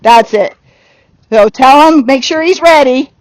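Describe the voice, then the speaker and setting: High-pitched woman trainer; direct, upbeat coaching in an outdoor arena. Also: slight background noise, poor audio. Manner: direct coaching with quick laughs. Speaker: horse trainer. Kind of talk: giving a riding lesson.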